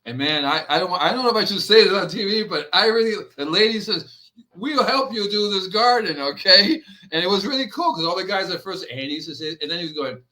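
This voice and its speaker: An older man tells stories as a podcast guest, rambling and animated, acting out the people he quotes. His voice is bright and sits a bit high for a man. His pitch swings widely from line to line. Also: fast talker. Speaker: podcast guest, organic gardener. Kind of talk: casual storytelling.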